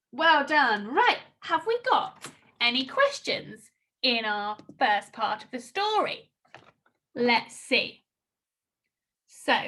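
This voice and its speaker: A woman's voice: high-pitched, bright, forceful tone. A woman primary school teacher giving a recorded online lesson, encouraging and sing-song as she reads and asks questions. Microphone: computer mic while screen-sharing.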